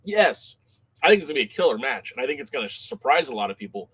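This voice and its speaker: A man's voice: medium pitch, quick pace, slightly rough, dry recording. Podcast guy chatting away, gets worked up and laughs a lot, voice dead dry, no room at all. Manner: animated, reads chat comments, laughs easily. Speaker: podcast co-host. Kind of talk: casual chat.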